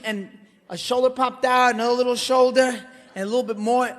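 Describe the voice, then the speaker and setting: A man performing a brash, animated stand-up monologue, swinging between loud outbursts and hushed asides. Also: very high voice, moderate pace, long reverb tail. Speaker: comedian. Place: theater stage.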